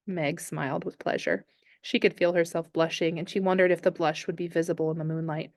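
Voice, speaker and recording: Low-voiced woman reading a novel aloud. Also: fairly quick, no echo, clean studio sound. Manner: calm, steady storytelling. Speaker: teacher.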